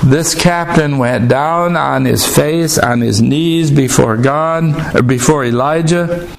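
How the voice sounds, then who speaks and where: A man preaching a sermon, slowly retelling a scripture story with emphatic asides to the congregation. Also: fairly high pitch, vocal fry, slight background noise.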